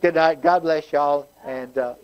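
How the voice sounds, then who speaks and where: A man's voice: a little high, steady tone, measured pace, clear, resonant tone, dull audio. A man leading a community constitution class, folksy and chatty with frequent restarts. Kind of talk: casual community class talk.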